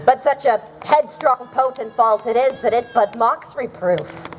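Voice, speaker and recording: A woman's voice: on the high side, unhurried, noisy background, close to an everyday voice. A woman playing a proud, lovesick young countess, speaking verse earnestly. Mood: pleading. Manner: pleading, earnest verse delivery. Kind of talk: outdoor Shakespeare stage acting.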